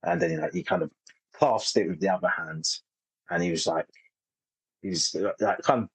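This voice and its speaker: A man's voice: low-pitched, moderate pace, breathy edge, no room sound, low-quality recording. A man in his thirties, a comedian telling stories in a casual interview, rambling and self-interrupting with frequent laughs. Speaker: comedian guest.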